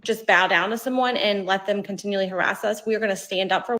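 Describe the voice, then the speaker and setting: A woman vlogger chats to camera in a relaxed, rambling way. Her voice sits at an ordinary middle pitch, and she keeps turning to her viewers with questions. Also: fast talker. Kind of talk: casual talk to camera.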